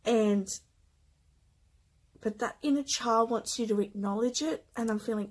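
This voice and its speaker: A woman giving a gentle, emotional spiritual card reading, with soft whispered asides. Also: on the high side, measured pace, rough recording. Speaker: tarot card reader.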